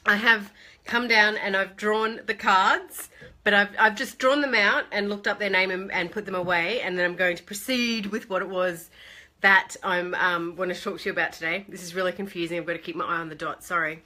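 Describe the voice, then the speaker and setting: Bright chatty woman live-streaming. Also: medium pitch, steady tone, a little fast. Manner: chatty, greets viewers by name, laughs often. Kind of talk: casual live stream chat. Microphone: phone.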